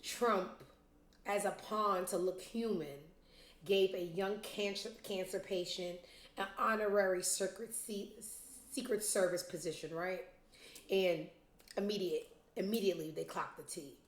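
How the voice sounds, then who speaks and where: A woman's voice: mid-range voice, steady tone, measured pace. Blunt, sarcastic woman host in an echoey room. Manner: blunt, profane and sarcastic, talks straight to viewers. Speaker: show host. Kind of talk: casual commentary vlog.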